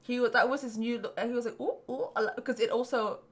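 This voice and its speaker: A young woman co-hosts a podcast, trading frank stories in casual chat with lots of swearing and laughter, blunt and profane throughout. Her voice is a little high, her delivery flat, and she talks briskly.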